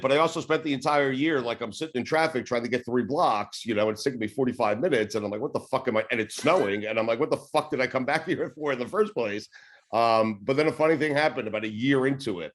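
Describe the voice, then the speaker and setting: A New York-accented man in his forties tells stories loosely and rambles, his voice sitting a little low. He's a sports radio host appearing as a podcast guest, laid-back in a casual interview, dropping in the occasional swear word and laugh.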